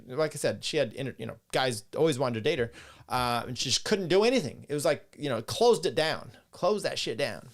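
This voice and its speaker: A man's voice: on the high side, fairly bright tone. A middle-aged man hosting a podcast, rambling casually with profane, chuckling asides as he reads viewer comments. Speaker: podcast host. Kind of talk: casual live-stream talk, reading chat.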